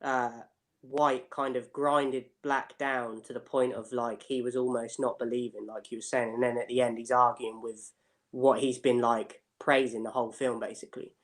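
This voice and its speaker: A man co-hosting a casual film review, speaking in a relaxed, candid and slightly hesitant way. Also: medium pitch, normal speed.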